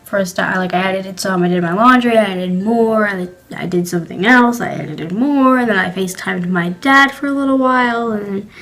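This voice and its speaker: A teenage girl vlogging, talking in a halting, apologetic way and choked up after crying. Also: medium pitch, fairly bright tone, soft background music, low-quality recording. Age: teens. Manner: halting, self-correcting, apologetic. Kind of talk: confessional vlog talk.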